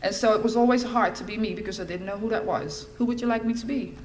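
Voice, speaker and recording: A middle-aged woman speaks at a recovery meeting, telling her own story in a candid, wry way. Her voice sits at an everyday middle pitch. A faint hiss of noise runs under the recording. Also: fast talker, darkish tone. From Netherlands. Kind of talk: personal recovery testimony.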